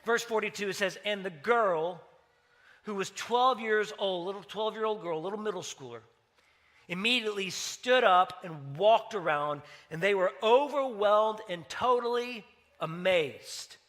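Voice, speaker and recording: A man's voice: high voice, measured pace, fairly bright tone. A man preaching a sermon as pastor, talking in a conversational way and telling stories with acted-out dialogue.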